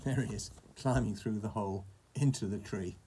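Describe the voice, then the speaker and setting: A man's voice: on the low side, moderate pace, mellow, husky. A man reading a children's storybook aloud, with chatty asides to a young listener about the pictures.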